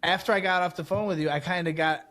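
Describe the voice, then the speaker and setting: A man hosting a casual podcast, telling a story with lively acted-out dialogue and frequent swearing. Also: high voice, fast. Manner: animated storytelling, acts out dialogue, swears freely. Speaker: podcast host.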